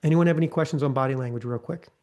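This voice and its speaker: A man's voice: medium pitch, racing, darkish tone. A man leading a live online training, coaching in a conversational way and often checking in with "okay?" and "right?". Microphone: video call.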